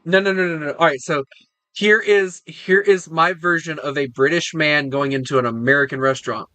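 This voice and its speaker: A man's voice: on the high side, steady tone, normal speed, pushed and bright, no echo. A man streaming games, chatting casually in a playful, teasing way. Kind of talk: casual chat.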